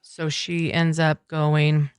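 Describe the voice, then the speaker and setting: A middle-aged woman talking earnestly as a podcast guest, telling a personal story in halting, reflective sentences. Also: low voice, monotone, clear, resonant tone, no room sound, clean studio sound. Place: coffeehouse.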